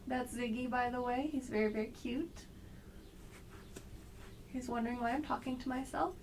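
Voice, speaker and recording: A woman with a slight cold guiding an exercise class, giving gentle, unhurried cues with frequent pauses. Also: a little high, fairly even intonation, far from the mic, a little hiss or hum. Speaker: movement instructor.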